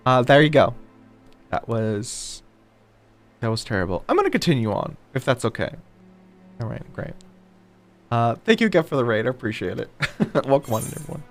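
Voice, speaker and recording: A man's voice: mid-range voice, sing-song, normal speed, long pauses, faint music behind. A man streaming a video game live, chatting casually and greeting viewers by name.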